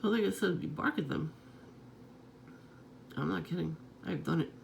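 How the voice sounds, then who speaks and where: A vlogger rambles on in a loose, unscripted monologue, the voice deeply gravelly with constant fry. The delivery is profane and scattered, broken up by frequent chuckles, at a middling pitch. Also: moderate pace, slight background noise.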